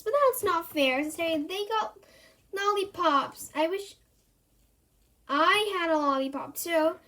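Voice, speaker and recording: High-voiced woman reading a children's story. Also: measured pace. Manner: voices characters with lively pitch jumps. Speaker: reader. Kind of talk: reading a children's book aloud.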